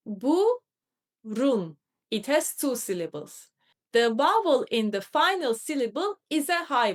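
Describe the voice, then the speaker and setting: Slow, lively-voiced woman teaching. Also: high-pitched. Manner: clear, careful, spells out sounds and examples. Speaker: Turkish teacher. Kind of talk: scripted grammar lesson.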